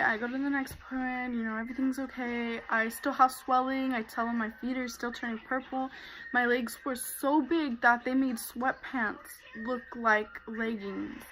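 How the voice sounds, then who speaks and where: A woman's voice: fairly high pitch, bright, forceful tone, slight background noise, low-quality recording. A young woman vlogger telling a personal story in a casual way, full of fillers. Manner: casual, many fillers like "like" and "you know".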